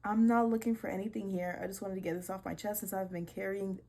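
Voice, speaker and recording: A young woman hosting a casual vlog, reading posts aloud and reacting with animated disbelief and swearing. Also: mid-range voice, quick pace. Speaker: video creator.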